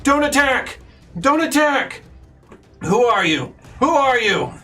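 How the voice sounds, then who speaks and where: A man's voice: extremely high pitch, very animated, slow, sharp tone, far from the mic, faint music behind, pitched above the performer's own voice, heavily acted. A man voicing an alarmed male elf captain who fires off demanding questions in a tabletop game.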